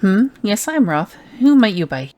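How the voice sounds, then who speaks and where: A woman voicing a gruff male foreman of builders in a game, grumbling in an odd put-on accent. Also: medium pitch, very animated, normal speed, dark tone, lo-fi sound, natural voice.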